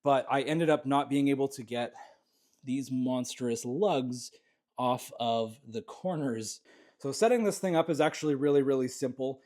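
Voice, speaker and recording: A man from Canada giving a relaxed, rambling tour of his small home jewellery workshop, with plenty of fillers and restarts. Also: mid-range voice, a little slow. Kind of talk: casual walkthrough vlog.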